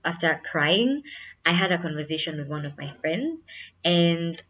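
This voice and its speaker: Young woman, low voice, earnest casual vlog delivery, slightly muffled home recording. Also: expressive, moderate pace, fairly bright tone. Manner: candid, earnest, many fillers like "like" and "you know". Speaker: vlogger.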